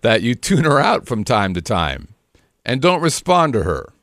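A man's voice: medium pitch, big pitch swings, normal speed, fairly bright tone. A middle-aged married man co-hosting a podcast, joking and teasing in casual banter. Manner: joking, teasing, does silly voices. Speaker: podcast co-host.

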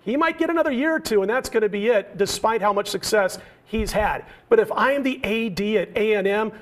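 A man's voice: high voice, brisk. A man in his forties from Nebraska, giving punchy, opinionated analysis as a regular on a sports betting talk show. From Nebraska, USA.

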